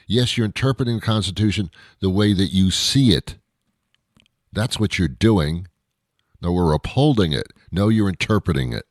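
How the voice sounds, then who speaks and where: A man's voice: sits low, normal speed, no echo, studio quality. A middle-aged man from Canada hosting a talk show, ranting in disbelief and mocking people with imitations. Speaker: radio show host. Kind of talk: solo talk show monologue.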